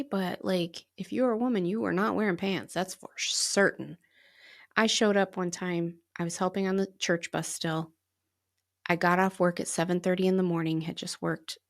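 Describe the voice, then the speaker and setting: A woman co-hosts a casual podcast conversation. Her voice sits fairly low with a gravelly, fry-textured edge, and she tells her stories in an animated way, often slipping into the voices of the people she quotes. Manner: animated storyteller who acts out quoted dialogue and laughs often. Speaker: podcast co-host.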